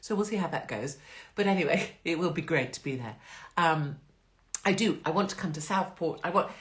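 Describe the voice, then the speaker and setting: A woman hosting a live stream in a blunt, profane, chatty and rambling way. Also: low-pitched. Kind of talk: casual live-stream chat.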